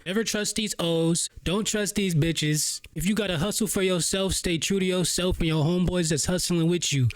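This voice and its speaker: A man's voice: fairly high pitch, no room sound. A man hosting a reaction show, giving blunt slang-heavy commentary on a close mic. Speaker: reaction channel host.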